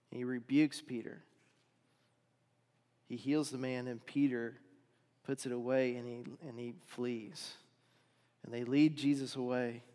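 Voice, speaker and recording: A man's voice: medium pitch, steady tone, unhurried, pauses often. Male preacher telling a story in a reverberant hall. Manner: dramatic swings from loud to hushed. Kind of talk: sermon storytelling.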